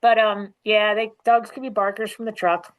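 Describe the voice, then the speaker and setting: A woman guest on a podcast, telling quick, animated anecdotes in casual conversation. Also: mid-range voice, slight background noise, rough recording. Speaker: guest author and dog trainer. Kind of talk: casual storytelling chat.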